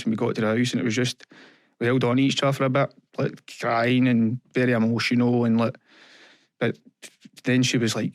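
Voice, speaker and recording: A young man with a Scottish accent, a guest in an interview, telling his story in an earnest, halting way and quoting what people said to him. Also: medium pitch, level tone, no echo, clean studio sound. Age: young adult. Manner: earnest, halting, retells events with quoted dialogue. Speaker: podcast guest. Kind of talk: candid personal interview.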